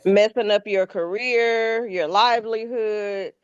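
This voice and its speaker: A woman's voice: medium pitch, fairly even intonation, slow, clear, resonant tone. A woman talking easygoingly with family over a video call, trailing off and restarting her sentences. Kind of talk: casual family chat. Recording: dull lo-fi call audio.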